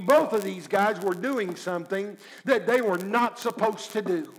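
A man preaching a sermon, acting out scripture scenes with sudden swings between loud urging and hushed pleading. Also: high voice, unhurried, hardly any pauses, rough recording. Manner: dramatic, acts out dialogue with God, swings from loud to hushed.

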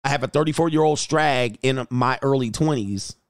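A man's voice: mid-range voice, moderate pace, creaky, dry recording, studio quality. Joking, laughing man. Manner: joking, laughing often, slangy and profane. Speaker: dating coach streamer. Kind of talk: casual livestream commentary.

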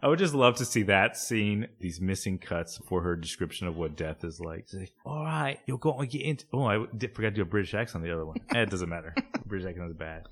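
A man's voice: low voice, fast talker, few pauses. A man co-hosting a casual chat, joking and laughing often while recapping a show. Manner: laughs often, animated, jokey. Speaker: podcast co-host.

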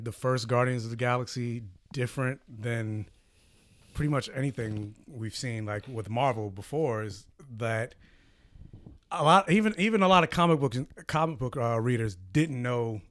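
Young male co-host, relaxed casual chat, bright forward tone. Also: mid-range voice, measured pace, dry recording. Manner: relaxed, repeats words while he thinks. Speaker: podcast co-host. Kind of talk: casual movie review chat.

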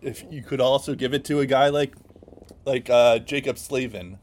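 A man's voice: mid-range voice, fairly even intonation, normal speed, darkish tone, a little hiss or hum. A man co-hosting a casual sports podcast, rambling with many ums and restarts. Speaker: podcast co-host.

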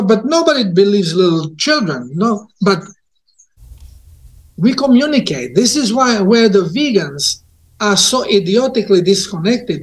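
Man, high voice, earnest storyteller, halting restarts. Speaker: guest. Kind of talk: casual conversation.

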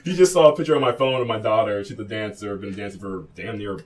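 A man co-hosts a studio podcast in an animated, rambling way, ribbing his partner as he talks. His voice sits on the low side, and the mic catches it from a little way off. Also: quick pace, recorded from a distance, a little hiss or hum. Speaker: podcast co-host. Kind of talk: casual podcast chat.

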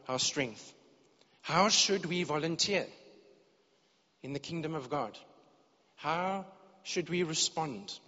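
Earnest and direct, a man preaches in a church hall, often repeating words while he hunts for the right phrase. His voice is fairly high and a bit bright, and the recording sounds dull and lo-fi with a long hall reverb.

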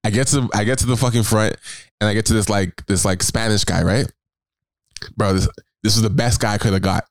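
A young man telling a story casually, animated, swearing and laughing often. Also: on the low side, a little fast, no echo.

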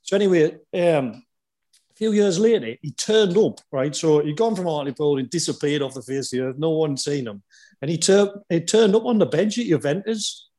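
A man with a slightly higher-than-average voice tells animated dressing-room stories in a casual chat. He hosts the conversation and chuckles as he goes. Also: normal speed. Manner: animated anecdotal storyteller, chuckles often. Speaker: podcast host and former footballer.

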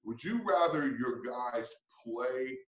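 A man's voice: mid-range voice, slow, roomy sound, rough recording. A man who coaches, answering interview questions in an earnest, reflective way with frequent restarts.

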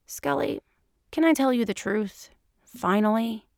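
A woman's voice: on the high side, expressive, a little slow, no room sound, studio quality. A woman doing a mopey, sheepish male agent.

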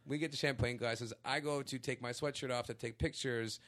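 Young guy on a podcast telling a story, dry close mic, animated. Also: mid-range voice, a little fast, dry recording. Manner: animated storyteller acting out quoted voices. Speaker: podcast guest. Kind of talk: casual chat, storytelling.

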